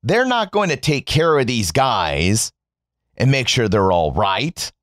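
A man's voice: mid-range voice, big pitch swings, slow pace, fairly bright tone, dry recording, studio quality. Sarcastic American man ranting to camera. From United States. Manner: sarcastic, profane, addresses viewers as "folks". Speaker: political commentator. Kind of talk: sarcastic commentary monologue.

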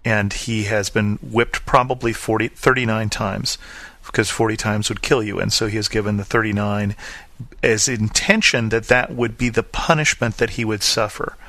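A male pastor delivers an earnest sermon, reading scripture and then explaining it. His voice is bright and forceful but sits slightly low, and he slows down to stress the key lines. The sound is close and dry. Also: steady tone, dry recording.

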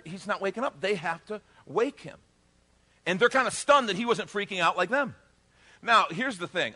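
A male pastor delivers a sermon as lively storytelling, acting out dialogue and joking with the congregation. His voice sits high and swings widely in pitch. The tone is bright and forward. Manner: animated storytelling with acted-out dialogue and jokes.

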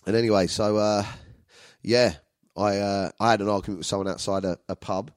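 A man's voice: lowish voice, steady tone, brisk, no room sound. A man with a London accent telling rambling, profane stories to his viewers in a casual way. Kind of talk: casual storytelling monologue.

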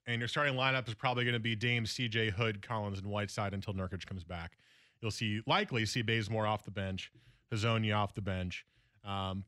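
A man's voice: medium pitch, a bit bright, no room sound, studio quality. A man hosting a sports radio show, talking through basketball news in a conversational way. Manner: conversational, analytical, with fillers.

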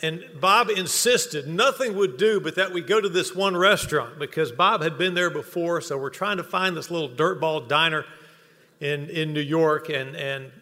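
Man telling funny stories at an induction, bright tone, echoing hall. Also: on the high side, moderate pace. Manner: humorous storytelling, builds to earnest close. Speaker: speaker at hall of fame induction. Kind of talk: ceremony tribute speech with anecdotes. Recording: long reverb of a banquet hall.

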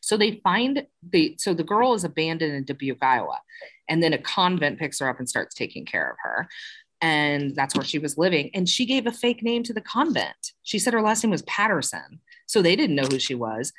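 Low-voiced woman telling a crime story. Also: big pitch swings, moderate pace, fairly bright tone. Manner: chatty, retells the case with asides and filler. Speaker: true crime podcast host. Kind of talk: casual storytelling chat.

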